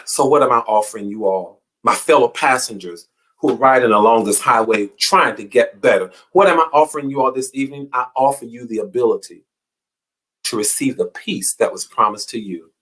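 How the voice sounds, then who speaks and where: A man's voice: medium pitch, brisk, fairly bright tone. A man hosting an inspirational talk, speaking in a preacherly way with repeated phrases and swelling emphasis. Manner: preacherly, repetitive, rising and falling emphasis. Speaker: motivational show host.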